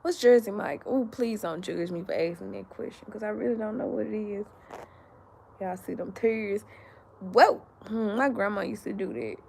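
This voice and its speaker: A sleepy woman hosting a casual live chat, talking slowly and straight to her viewers as she reads their comments. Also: medium pitch, vocal fry, a little mellow, slight background noise. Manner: slow and drowsy, talks straight to viewers. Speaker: livestream host reading viewer comments.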